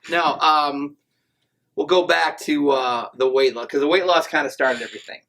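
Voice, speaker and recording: In a podcast studio, a male guest tells stories casually, joking at his own expense and spinning deadpan tall tales. His voice sits a little high and moves at normal speed. The recording is rough.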